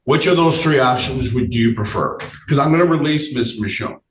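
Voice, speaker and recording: A male judge with a voice he says is giving out, speaking in a measured way, often repeating phrases and using fillers during a courtroom hearing. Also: medium pitch, animated. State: losing his voice. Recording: echoey room, distant mic, faint noise.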